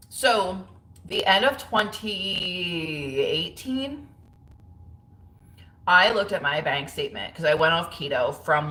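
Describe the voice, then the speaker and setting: Chatty woman with a low, roomy-sounding voice. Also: pushed and bright. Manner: chatty, frank, laughs often, many fillers. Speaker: livestream host. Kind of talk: casual livestream chat reading viewer comments. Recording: roomy echo.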